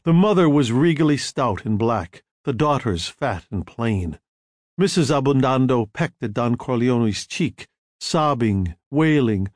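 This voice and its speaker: Measured male audiobook narrator. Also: mid-range voice, lively intonation, a little mellow, no echo, clean studio sound.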